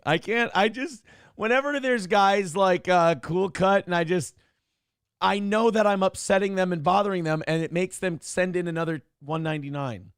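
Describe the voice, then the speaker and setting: Brash high-voiced man hosting a stream. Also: clear, resonant tone, no echo, clean studio sound. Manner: loud, swings between joking shouts and low asides. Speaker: show host reading chat donations. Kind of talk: casual livestream chat.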